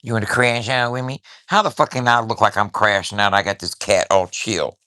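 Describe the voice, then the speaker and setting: A man's voice: fairly low pitch, steady tone, fairly quick, bright, forceful tone. A man ranting casually to camera at home, swaggering and taunting with profanity and laughs. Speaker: vlogger. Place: at home with his cat.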